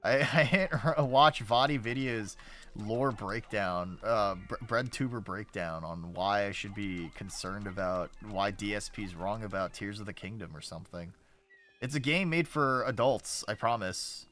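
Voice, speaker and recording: A man's voice: fairly low pitch, unhurried, a bit bright. A male streamer giving casual, rambling gameplay commentary, sarcastic and swearing often.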